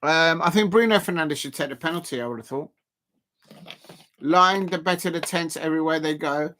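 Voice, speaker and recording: A man's voice: on the high side, normal speed, sharp tone. A man streaming a live football reaction, chatty and laughing, calling out his viewers. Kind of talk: live match reaction commentary.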